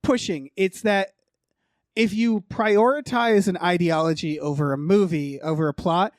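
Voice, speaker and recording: A man's voice: high voice, measured pace, dry recording, studio quality. A man co-hosting a podcast, chatting loosely about movie trailers with lots of fillers, profanity and laughs. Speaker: podcast co-host. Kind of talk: casual movie chat.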